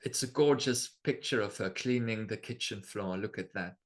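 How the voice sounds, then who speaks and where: A man's voice: on the low side, moderate pace. A man with a German first language, giving a chatty lecture over slides, full of fillers and tag questions. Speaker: astrology lecturer. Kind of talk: casual presentation over slides.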